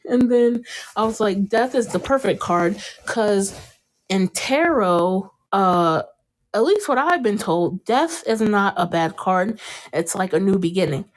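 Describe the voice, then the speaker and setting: Animated woman podcast host recapping a show. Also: a little slow. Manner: animated, acts out quotes in a jumped-up pitch, laughs often. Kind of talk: casual chat recapping a TV episode.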